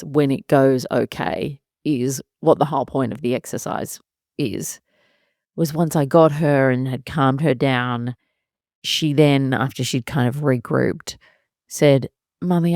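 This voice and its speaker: Woman in her thirties, low voice, candid podcast host who laughs through her worries, dry close-miked sound. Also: a little slow, dark tone, no echo. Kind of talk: solo parenting podcast monologue.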